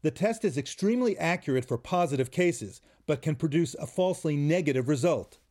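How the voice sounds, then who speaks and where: A man reporting as a medical correspondent, calm and explanatory. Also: a little high, brisk. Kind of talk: news report narration.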